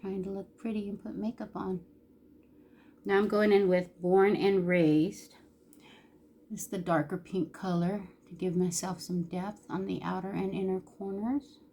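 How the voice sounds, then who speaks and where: A woman's voice: mid-range voice, level tone, measured pace, warm tone. A woman beauty vlogger talking candidly while doing her makeup, emotional and close to tears at times. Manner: candid, emotional, chatty with Southern-style "y'all". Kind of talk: casual makeup tutorial chat.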